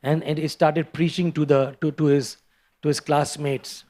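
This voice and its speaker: A man telling a scripture story in a sermon, animated and stopping to restart often. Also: a little high, moderate pace. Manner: animated, acts out characters, frequent restarts. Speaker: preacher giving a scripture class.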